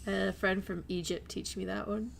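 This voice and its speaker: A woman streamer reading a visual novel aloud and chatting, animated and profane when she rants. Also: medium pitch, fairly quick, creaky, a little hiss or hum. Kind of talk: casual streamed read-aloud with chat.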